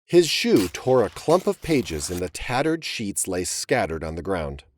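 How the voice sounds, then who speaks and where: A man giving dramatic, expressive narration of a historical audiobook story. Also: low-pitched, a little slow, a little hiss or hum.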